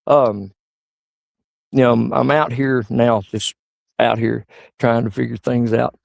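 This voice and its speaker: A middle-aged man doing stand-up, rambling through crude anecdotes and jumping into high yelps. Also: fairly even intonation, slow pace, gravelly, no echo. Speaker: stand-up comedian. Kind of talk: stand-up storytelling.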